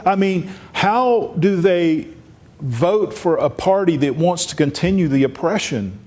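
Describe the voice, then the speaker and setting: A man's voice: high-pitched, animated, a little slow, darkish tone. A man giving a political talk at a luncheon, telling stories in a folksy way with many restarts and rising for emphatic points. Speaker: congressman speaking at a luncheon. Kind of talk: political speech.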